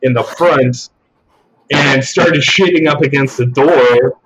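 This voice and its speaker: A man telling an embarrassing story on a podcast in a relaxed, casual way, swearing freely. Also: mid-range voice, slow pace, noisy background. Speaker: podcast guest.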